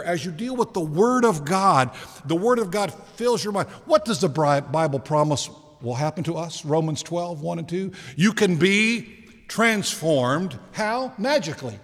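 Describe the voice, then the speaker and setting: A male pastor giving a sermon in a relaxed, conversational way, asking the congregation questions and slowing down to stress key words. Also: high-pitched. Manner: conversational preaching with rhetorical questions and slowed emphasis. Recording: long reverb of a large hall.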